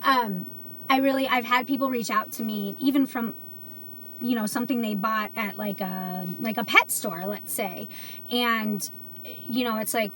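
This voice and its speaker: A woman's voice: a little high, unhurried, pushed and bright, slight background noise. A woman hosting a casual livestream, talking earnestly to viewers with lots of fillers. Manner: earnest, chatty, many fillers. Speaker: livestream host selling CBD.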